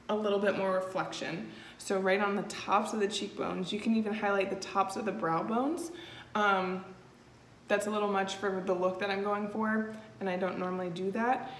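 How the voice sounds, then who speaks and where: A woman's voice: medium pitch, fairly bright tone. Chatty woman in an echoey room. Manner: chatty and easygoing, with frequent "um" fillers. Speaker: makeup tutorial host. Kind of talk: casual step-by-step tutorial. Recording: echoey room with faint noise.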